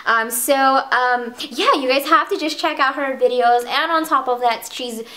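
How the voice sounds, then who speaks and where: Bubbly high-voiced young woman vlogger. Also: moderate pace, sharp tone. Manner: bubbly and gushing, many ums and restarts. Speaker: beauty vlogger. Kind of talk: casual monthly favorites vlog.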